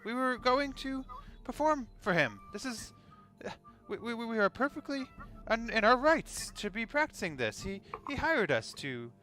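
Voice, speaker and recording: A man voicing a nervous male actor in bandit costume who pleads in a high, flustered, stammering voice. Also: expressive, a little fast, pushed and bright, soft background music. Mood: defensive.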